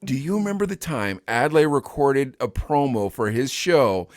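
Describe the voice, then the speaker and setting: A man's voice: medium pitch, very animated, normal speed, no echo, studio quality. A man co-hosting a podcast, telling stories in casual chat, laughing often and quoting people in funny voices. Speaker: podcast co-host.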